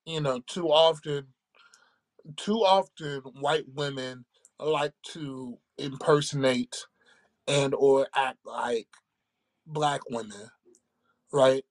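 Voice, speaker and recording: A man co-hosting a casual podcast, talking in a measured, reflective way and often checking in with "right?". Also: medium pitch. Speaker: podcast co-host. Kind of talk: casual chat.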